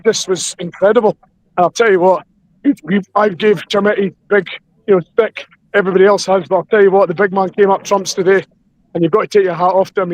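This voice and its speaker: Hoarse male fan, high voice, excitable live report. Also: dry recording, poor audio. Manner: excitable, rushing with repeated restarts.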